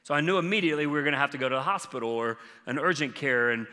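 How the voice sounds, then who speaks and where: A man's voice: a little high, rapid-fire, pushed and bright. A man preaching a sermon as a pastor, earnest and conversational, with casual fillers. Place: church sanctuary. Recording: long reverb from a large church hall.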